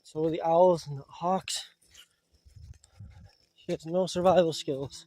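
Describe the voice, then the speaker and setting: Speaking casually to the camera from an outdoor camp in the woods, a male vlogger with a fairly high voice grows emotional and softens when addressing his pets. The recording is dry and close with no room sound; his pitch barely moves, his speed is normal, and he takes long pauses.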